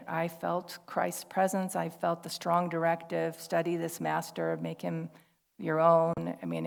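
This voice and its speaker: A woman's voice: lowish voice, gravelly. A woman minister giving a sermon in a conversational, storytelling way, quoting others as she tells her story. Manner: conversational, warm storytelling with laughter and quoted dialogue. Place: church service hall. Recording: long reverb of a large hall.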